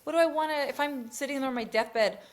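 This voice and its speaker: A woman with a high voice co-hosts a podcast. She reacts with gushing excitement and swears freely as she talks. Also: fast talker. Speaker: podcast co-host. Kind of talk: casual chat.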